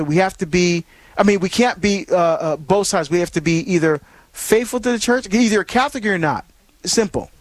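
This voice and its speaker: A man's voice: high-pitched, dry recording. A man hosting a call-in radio show, preaching earnestly and rambling with many fillers and restarts.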